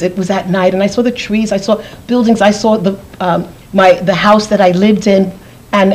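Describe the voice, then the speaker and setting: A woman's voice: medium pitch, darkish tone, low-quality recording. A woman giving a personal testimony as an interview guest, earnest, often repeating phrases for emphasis.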